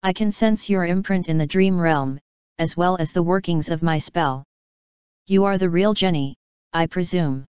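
A woman's voice: fairly low pitch, normal speed, darkish tone, clear, resonant tone, no room sound, dull audio, natural voice. Woman playing a stern regal night princess. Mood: commanding. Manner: commanding, formal.

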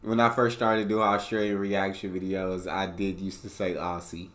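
A man's voice: low-pitched, monotone, moderate pace, a bit bright. A man hosting a reaction video, chatting casually and laid-back, laughing often.

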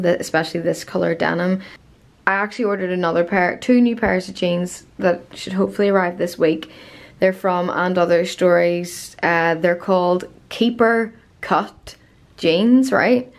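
A woman in her late twenties with a Northern Irish accent, rambling in a chatty, filler-laden way. Her voice sits a little low and carries a gravelly fry. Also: steady tone, moderate pace. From Northern Ireland. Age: 20s. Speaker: vlogger. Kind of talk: casual chat.

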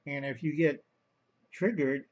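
A man's voice: on the high side, measured pace, muffled recording. A man rambling through a home video monologue, talking to his viewers as boys and girls and calling himself by name in the third person. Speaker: vlogger.

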